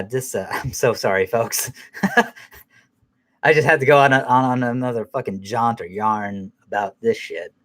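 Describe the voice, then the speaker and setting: A man's voice: mid-range voice, fairly bright tone. A man hosting a podcast who rambles through an angry, profane rant and laughs at himself now and then. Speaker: podcast host.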